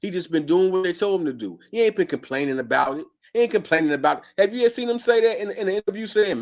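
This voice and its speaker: A man's voice: sits high, animated, fast, hardly any pauses, muffled recording. A man hosting a sports podcast, arguing emphatically and repeating his points in casual speech. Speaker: podcast host.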